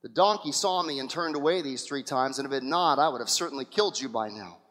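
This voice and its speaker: A preacher voicing a stern male angel who speaks gravely and slowly, recorded with a long church reverb. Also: mid-range voice, a bit bright, voice pushed down, lightly acted. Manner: grave, measured.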